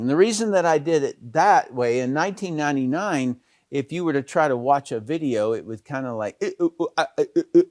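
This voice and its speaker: A man's voice: mid-range voice, a little mellow, no room sound, clean studio sound. A middle-aged man giving a casual network marketing talk, storytelling with many fillers and restarts.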